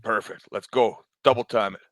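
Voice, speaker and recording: A man playing a gruff soldier in a tabletop role-play, talking in a casual, bantering way. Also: lowish voice, fairly even intonation, moderate pace, a bit bright, no room sound. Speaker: player.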